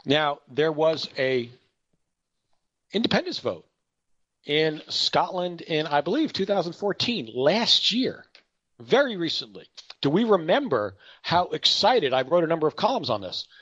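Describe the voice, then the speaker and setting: A man's voice: a little high, big pitch swings, a little slow, fairly bright tone, breathy edge, no echo, highs cut off. A middle-aged man giving an unscripted market commentary, rambling and correcting himself with chatty asides and anecdotes.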